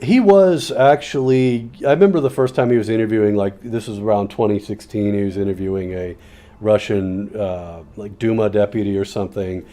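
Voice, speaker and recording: A man with a lowish, dark voice chats loosely at a moderate pace while playing a game. His rambling commentary is full of fillers and restarts, with sarcastic asides.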